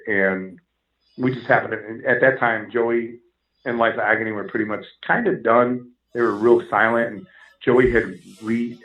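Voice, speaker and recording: Ny guy in his 40s, lowish voice, animated swear-y storytelling, echoey dull recording. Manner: animated, swears freely, acts out quotes. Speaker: musician guest. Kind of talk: casual storytelling interview.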